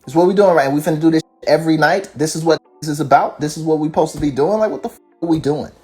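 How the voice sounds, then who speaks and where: A man's voice: on the high side, quick pace, darkish tone, faint music behind. Man ranting with fiery rhetorical questions. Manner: profane, fired-up rhetorical questions. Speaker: rapper. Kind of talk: casual rant.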